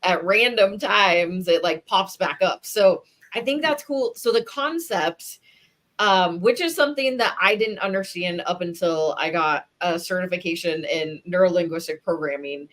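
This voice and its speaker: A woman in her thirties hosting a podcast, chatting in a relaxed, thoughtful way and often hedging with "I mean". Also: fairly low pitch, moderate pace. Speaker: podcast host. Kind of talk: casual interview chat.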